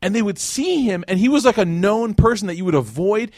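A man's voice: high voice, lively intonation, fairly quick, no room sound. Chatty male lecturer in a dry room. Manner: conversational, many fillers like "like" and "right?", acts out quotes. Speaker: speaker teaching Islamic history. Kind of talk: casual lecture storytelling.

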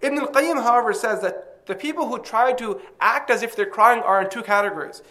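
A man's voice: very high-pitched, brisk, pushed and bright. A man preaching a religious lecture to an audience, emphatic and impassioned, with Arabic quotations worked into his talk.

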